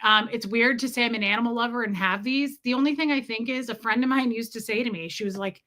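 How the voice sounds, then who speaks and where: A woman in her thirties chatting casually as a vlogger, self-mocking and prone to loud dramatic outbursts. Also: a little high, quick pace, hardly any pauses. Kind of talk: casual chat.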